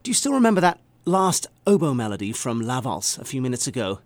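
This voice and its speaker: A man's voice: mid-range voice, big pitch swings, fast, hardly any pauses, dry recording, soft background music. A man, an orchestra conductor enthusiastically presenting a concert program. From England. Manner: enthusiastic, hums melodies aloud.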